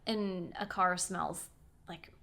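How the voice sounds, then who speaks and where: Bright-voiced young woman telling stories. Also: on the low side, slow. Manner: chatty, animated storytelling with quoted voices and asides. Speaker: vlogger. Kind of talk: casual storytelling.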